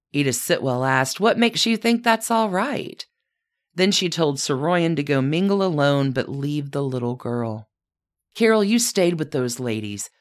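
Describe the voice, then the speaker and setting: A woman narrating a scripted story in a measured way, speaking directly to her subject as "you". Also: low voice. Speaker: podcast narrator.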